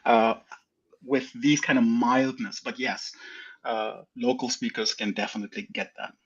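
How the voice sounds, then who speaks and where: A man in his fifties from India, with an Indian accent, telling his story as a guest in a lively, restarting way. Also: medium pitch, normal speed, breathy edge. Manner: animated storyteller, frequent restarts and laughs. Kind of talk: casual chat, telling a life story. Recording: slightly dull lo-fi audio.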